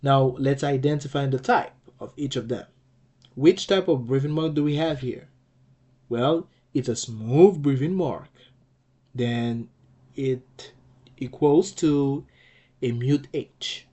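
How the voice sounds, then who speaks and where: A man's voice: medium pitch, takes it slowly, warm tone. A man teaching a language lesson, explaining patiently, repeating key points and checking in with "okay?" as he goes.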